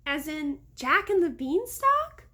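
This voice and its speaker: A woman voicing an excitable, eager little girl in a high, breathy voice while reading a storybook aloud. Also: slow pace, heavily acted. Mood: urgent.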